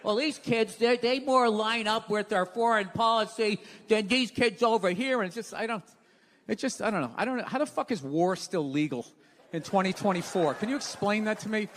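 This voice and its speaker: A man's voice: sits high, moderate pace, a bit bright. A middle-aged American man doing stand-up, ranting in an exasperated, profane way and throwing questions at the audience. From United States. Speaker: stand-up comedian. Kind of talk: stand-up routine. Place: live comedy stage.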